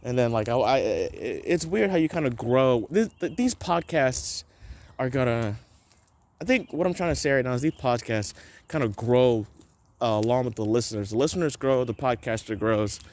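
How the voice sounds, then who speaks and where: A man's voice: medium pitch, expressive, moderate pace, darkish tone. A young man hosting a casual solo podcast, rambling loosely, swearing often and laughing at his own jokes. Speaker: podcast host.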